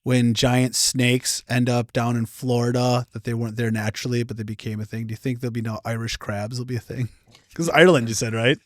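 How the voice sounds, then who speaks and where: A man's voice: medium pitch, steady tone, fairly quick, no room sound, clean studio sound. A man co-hosting a podcast in casual chat, joking and laughing at his own jokes. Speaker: podcast co-host.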